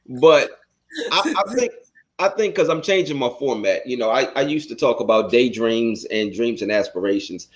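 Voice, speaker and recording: A man hosting a podcast, interviewing a guest in a relaxed way, laughing a lot and rambling a little. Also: medium pitch, normal speed, highs cut off. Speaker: podcast host. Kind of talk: casual interview.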